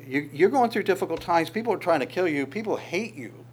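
A man's voice: on the high side, expressive, breathy edge. Man preaching a conversational sermon. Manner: conversational, searching, quick asides. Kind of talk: expository sermon.

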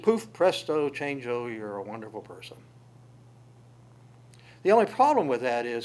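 Male preacher, middle-pitched, conversational sermon, stammers and restarts, animated bursts of emphasis. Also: normal speed. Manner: animated, jumps in pitch and loudness on key lines; stammers and restarts phrases often.

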